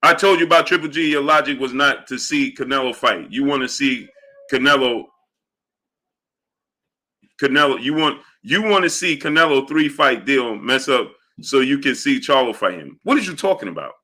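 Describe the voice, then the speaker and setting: A livestream host talks boxing in live chat, arguing with chatters and greeting them by name. His medium-pitched voice is animated, bright and forceful at normal speed.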